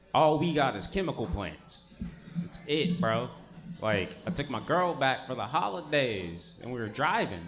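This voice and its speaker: A man from Baton Rouge doing a stand-up set in a relaxed, slangy storytelling manner. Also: a little high, creaky. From Baton Rouge, Louisiana. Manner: laid-back slangy storytelling. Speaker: stand-up comedian.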